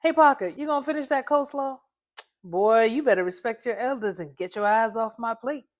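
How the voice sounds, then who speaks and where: Woman voicing cocky young man, brash, defensive, raised pitch, storybook. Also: fairly quick, natural voice. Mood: teasing.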